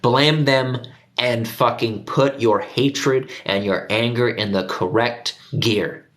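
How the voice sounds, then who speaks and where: A man's voice: mid-range voice, slow, a bit bright. A man hosting his own video, delivering a heated profane rant straight to his viewers and repeating himself for emphasis. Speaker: conspiracy video host.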